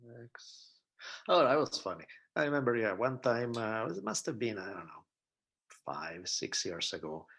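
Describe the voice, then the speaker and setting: A man's voice: mid-range voice, sing-song, measured pace, fairly bright tone, slightly rough. A man in his forties with a heavy Italian accent, a podcast guest chatting casually and telling stories with blunt, profane asides. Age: 40s. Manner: laid-back, profane storytelling with acted-out quotes. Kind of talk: casual chat.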